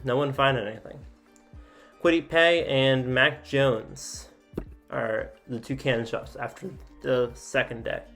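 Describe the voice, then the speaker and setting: A man's voice: medium pitch, fairly bright tone. A man casually reading out simulation events as a sports video host, with frequent filler sounds and offhand asides. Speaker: sports YouTuber.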